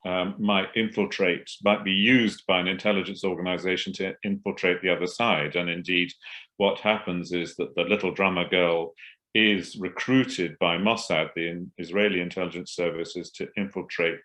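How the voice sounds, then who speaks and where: An older man answering interview questions as a biographer, speaking hesitantly with many pauses and restarts. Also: low voice, fairly even intonation, a bit bright. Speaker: biographer guest.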